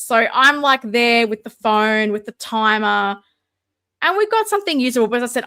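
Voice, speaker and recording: A woman's voice: fairly high pitch, pushed and bright. An Australian woman hosting a casual livestream, chatting and answering viewer comments. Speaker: livestream host.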